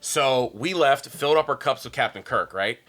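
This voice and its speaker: On a podcast, a male stand-up comedian tells a profane, excitable story, sprinkling in "like" and "okay?" throughout. His voice sits in the mid range and moves at a moderate pace.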